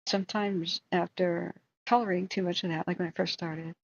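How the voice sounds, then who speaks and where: A woman's voice: fairly low pitch, steady tone, fairly quick, highs cut off, a little hiss or hum. A woman hosting a livestream in casual chat, rambling and talking to her viewers. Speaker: livestream host.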